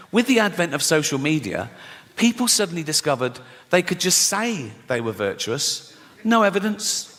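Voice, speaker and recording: Sardonic middle-aged comic, slightly high voice, swears freely, live theatre reverb and crowd. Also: male voice, a bit bright. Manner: sardonic, swearing, breaks into laughs, mimics people in silly voices. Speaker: stand-up comedian. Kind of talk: stand-up comedy set. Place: large theatre stage with a laughing audience. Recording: long hall reverb, audible crowd noise.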